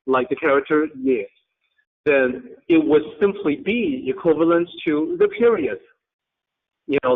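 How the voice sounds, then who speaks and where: A man's voice: on the high side, creaky. Patient male teacher over a tinny line. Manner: patient, explanatory, halting phrases. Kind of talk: online class lecture.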